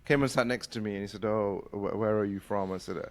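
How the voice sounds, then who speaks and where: A middle-aged man from the UK, hosting a casual conversation and telling a story fast, with lots of restarts. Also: on the low side, steady tone. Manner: fast-talking, full of restarts. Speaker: podcast host.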